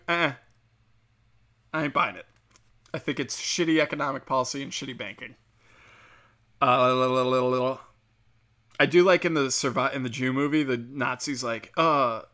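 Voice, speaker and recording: A man's voice: medium pitch, normal speed, long pauses, bright, forceful tone. A man hosting a solo podcast, talking in a crude, profane, rambling monologue. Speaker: podcast host.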